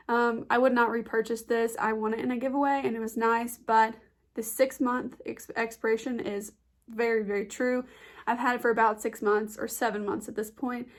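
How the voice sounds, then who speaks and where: A young woman chatting casually about beauty products she has used up, her voice nasal and stuffy from a blocked nose, with lots of "like" fillers. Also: fairly high pitch. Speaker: beauty vlogger.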